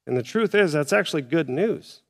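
A man's voice: on the high side, lively intonation, normal speed, a bit bright, big-room sound. A male pastor preaching a sermon in a church, speaking in a conversational way and acting out his listeners' doubts. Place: church auditorium.

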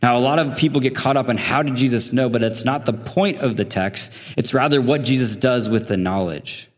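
Conversational guest preacher in echoing church. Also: male voice, medium pitch, brisk. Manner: conversational, laughing asides, asks the congregation. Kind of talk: sermon. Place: church sanctuary.

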